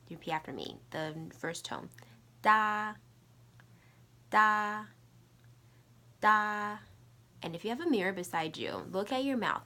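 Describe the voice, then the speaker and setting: A woman's voice: on the low side, vocal fry, bright, forceful tone. A middle-aged woman teaching Mandarin, patiently repeating sounds and tones for learners to copy. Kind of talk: slow, patient language lesson with drills.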